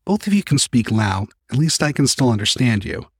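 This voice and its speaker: A man's voice: medium pitch, big pitch swings, brisk, slightly rough, no room sound, studio quality. A man voicing a young adult male otter who stammers earnestly as he struggles for words.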